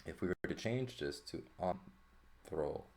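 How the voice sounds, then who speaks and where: A man teaching a language lesson in a relaxed walkthrough, thinking aloud and often checking in with "right?". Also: low-pitched, measured pace. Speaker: Greek teacher.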